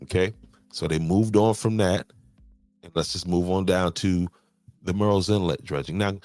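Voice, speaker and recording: Explaining his county's money matters to viewers, a male podcast host speaks at normal speed in a low-pitched, darkish voice over faint background music. He frequently repeats words, restarts and says "okay."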